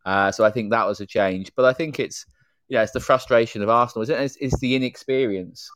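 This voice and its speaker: A man's voice: medium pitch, fast, a bit bright, no room sound. A man co-hosting a casual podcast chat, talking freely and filling with "you know". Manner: chatty, strings thoughts with "you know". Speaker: podcast co-host.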